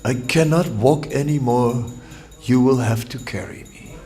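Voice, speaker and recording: A man's voice: medium pitch, unhurried, warm tone, close to an everyday voice. A man quoting a weary young woman who says she is too tired to walk, in a lecture.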